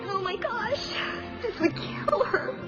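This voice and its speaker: A giddy, high-pitched young cartoon princess. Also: female voice, animated, slow, heavily acted. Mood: torn, giddy. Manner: swings between squealing glee and fretful guilt. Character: giddy young cartoon princess torn between guilt and joy. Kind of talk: animated film dialogue. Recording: dull film clip with loud music.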